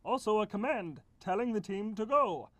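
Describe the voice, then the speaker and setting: A woman voicing a calm, patient punctuation character in a children's educational skit, explaining and humming thoughtfully. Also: medium pitch, moderate pace, no room sound, close to an everyday voice.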